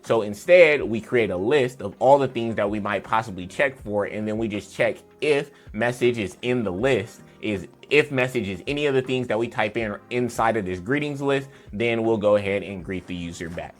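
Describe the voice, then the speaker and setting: A man's voice: on the low side, normal speed, hardly any pauses, faint music behind. A man teaching a beginner programming lesson over his screen, explaining in a loose, chatty way with fillers and playful asides. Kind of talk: casual screen-share coding tutorial.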